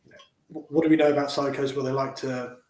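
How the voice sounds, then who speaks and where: A man co-hosting a casual movie chat, quiet and halting, searching for words. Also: mid-range voice, little pitch movement. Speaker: co-host. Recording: roomy echo.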